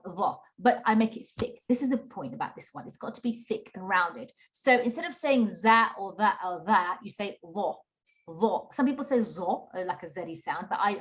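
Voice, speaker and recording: A woman teaching a Qur'an recitation class over a video call, patient and encouraging, slowly modelling sounds for students to repeat. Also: mid-range voice, a bit bright.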